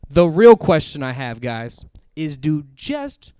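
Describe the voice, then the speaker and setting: A man's voice: a little high, slow, clear, resonant tone, no room sound. A young man from Kansas City doing a crude stand-up comedy set on stage before a live audience. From Kansas City, USA. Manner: crude, animated storytelling.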